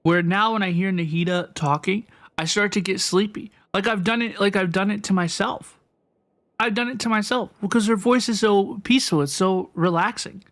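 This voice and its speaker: A young man with a high, slightly bright voice talks at normal speed while streaming a video game. He chats playfully with his viewers in casual livestream fashion, often repeating his phrases.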